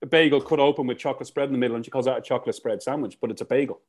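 A man's voice: mid-range voice, fairly even intonation, rapid-fire, darkish tone. A man co-hosting a podcast, with a playful, crude way of talking. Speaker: podcast co-host. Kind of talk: casual podcast chat.

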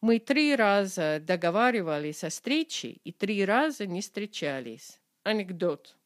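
Wry woman narrator, lively pitch, dry close sound, scripted lesson read. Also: normal speed, no echo. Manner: reads Russian examples then English translations, dry wry asides. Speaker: language columnist reading her column.

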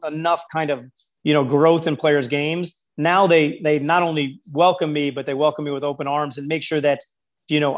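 A man who works as a basketball skills coach, telling stories in an interview and acting out the people he quotes. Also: on the high side. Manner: storytelling, quotes people in lively voices. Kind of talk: interview conversation.

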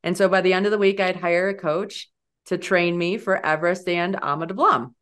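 A woman in her forties, a guest on an interview podcast, telling a story in a lively way and jumping up in pitch when she quotes herself. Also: fairly quick, smooth. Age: 40s. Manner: animated, leaps high when quoting herself.

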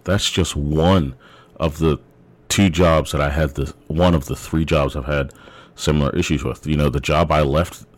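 Brief: young man, extremely low voice, casual rambling storyteller who restarts his sentences. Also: fairly even intonation, normal speed.

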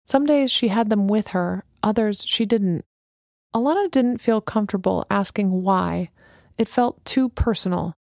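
A woman narrating a story in a measured, even storytelling manner. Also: medium pitch, vocal fry, dry recording, studio quality. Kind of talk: audiobook narration.

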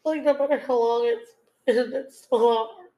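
A woman's voice: on the high side, steady tone, normal speed, dark tone. Woman, podcast co-host, casual chat, emotional, filler-heavy. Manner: emotional, many fillers like "you know".

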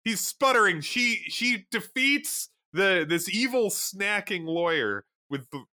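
Bright-voiced man steering a podcast chat. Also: high-pitched, very animated, slow. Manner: steers the talk, rambling with many restarts. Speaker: podcast co-host. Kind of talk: casual chat.

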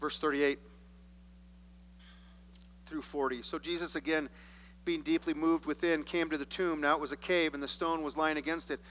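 A man preaching a sermon, reading scripture and acting out the voices he quotes with expressive shifts. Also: on the high side, moderate pace, long pauses, slight background noise. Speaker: pastor. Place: church sanctuary. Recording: long hall reverb.

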